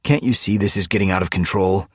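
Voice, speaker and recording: A man's voice: deep voice, quick pace, slightly rough, dry recording, clean studio sound, voice pushed up. A man voicing a brave, protective young tomcat warrior speaking earnestly and urgently in an audiobook. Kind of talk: audiobook character voice.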